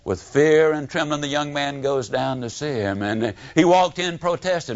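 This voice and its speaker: A man giving a motivational speech, telling folksy stories with dramatic swings in pitch and pace. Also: moderate pace. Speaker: motivational speaker. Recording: dull lo-fi recording.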